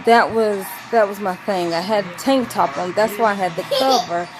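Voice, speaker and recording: A woman telling a rambling story to camera, acting out quotes in a high voice. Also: background noise. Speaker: vlogger.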